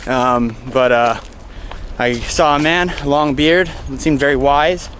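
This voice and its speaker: A man's voice: mid-range voice, slow, fairly bright tone, slight background noise. A young American man vlogging in a chatty, rambling, self-mocking way while out of breath outdoors. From United States. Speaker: travel vlogger. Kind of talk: casual travel vlog. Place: outdoors on a hot hillside in a coastal town.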